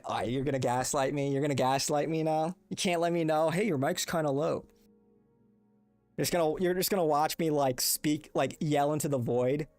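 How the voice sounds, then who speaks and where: A slightly high, darkish male voice comes through dry. He's a young streamer hosting a relaxed livestream, going off on tangents, swearing and chatting with viewers on a desk mic with compression.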